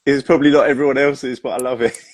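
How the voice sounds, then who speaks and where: A man's voice: medium pitch, steady tone, fast talker. A man hosting a live casual chat, telling jokes and stories, laughing often and swearing now and then. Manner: chatty, laughs a lot, swears in anecdotes. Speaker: host, magician.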